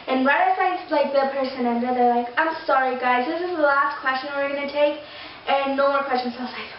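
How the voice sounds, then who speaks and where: Young woman, vlogger, high-pitched, gushing and rambling, dull lo-fi sound, faint hiss. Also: a little fast. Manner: gushing, rambling, full of fillers and restarts. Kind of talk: casual storytelling to camera. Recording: very echoey, distant, dull lo-fi sound with faint noise.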